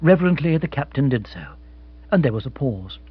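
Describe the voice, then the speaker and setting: A man's voice: mid-range voice, big pitch swings, brisk, breathy edge. A man narrating a comic novel as an audiobook, telling it in a wry, storytelling manner. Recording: dull, dry close recording.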